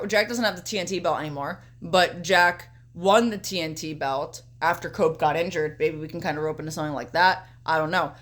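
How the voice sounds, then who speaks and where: A woman's voice: fairly low pitch, fairly bright tone. A young woman co-hosting a casual podcast, talking at length in a loose, offhand way and swearing freely. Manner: casual, swears often, talks through her picks at length. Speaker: podcast co-host. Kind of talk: casual chat.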